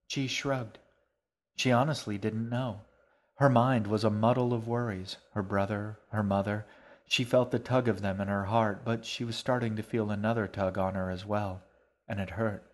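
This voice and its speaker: A man with a fairly low voice reads a children's storybook aloud in a calm, even way. His narration is steady and unhurried, the tone of someone reading a chapter at bedtime.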